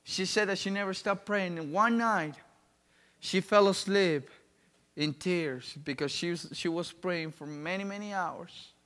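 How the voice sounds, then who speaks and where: A man preaching a sermon, telling a story with great emotion and swinging between loud pleading and hushed, quiet tones. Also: high voice, a little slow. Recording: long reverb of a large hall.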